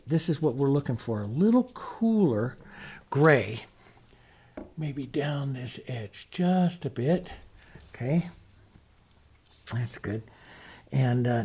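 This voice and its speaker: A man's voice: a little high, darkish tone. A middle-aged man teaching painting, talking easily and thinking aloud as he works, with frequent fillers. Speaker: painting instructor. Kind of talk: relaxed step-by-step painting demonstration.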